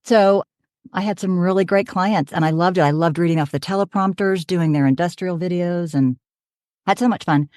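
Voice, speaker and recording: Woman, fifties, from oklahoma, low voice, chatty storyteller, dry close sound. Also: moderate pace, darkish tone, no room sound. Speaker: voiceover artist, guest. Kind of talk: casual podcast chat.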